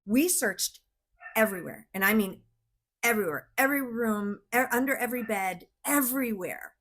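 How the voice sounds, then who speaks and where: Woman, middle-aged, business owner, casual chat, lively storyteller who laughs often. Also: on the high side, moderate pace. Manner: animated storyteller, acts out quotes, laughs often. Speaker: business owner and podcast host.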